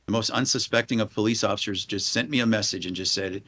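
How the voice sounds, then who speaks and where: A man in his forties speaks as a guest in a podcast interview. His voice sits on the low side. He talks in an earnest, halting way and often restarts his sentences. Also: steady tone, pushed and bright. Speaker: police leader and guest.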